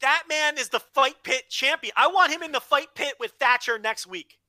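Podcast co-host, playful and emphatic, bright voice, dry close recording. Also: sits high, moderate pace, no room sound. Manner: emphatic, playfully repeats catchphrases. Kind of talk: casual wrestling chat.

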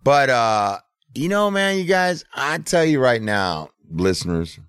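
A man's voice: medium pitch, sing-song, a little slow, fairly bright tone, clear, resonant tone, no echo, clean studio sound. A middle-aged man telling a story in casual podcast chat, laid-back and profane. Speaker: podcast host.

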